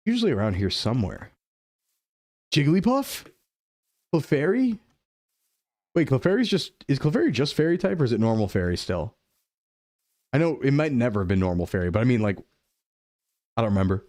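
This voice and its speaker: Lively young man streaming a game. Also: medium pitch, fairly quick, pauses often, no echo, clean studio sound. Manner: playful, jumps into goofy voices and dub impressions. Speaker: VTuber streamer. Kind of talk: casual gaming chat.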